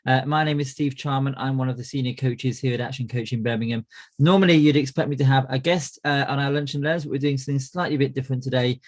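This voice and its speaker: A man's voice: mid-range voice, fairly even intonation, fast talker. Man hosting a coaching webinar. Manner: friendly, lots of "uh" fillers and restarts. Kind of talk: presenting a webinar.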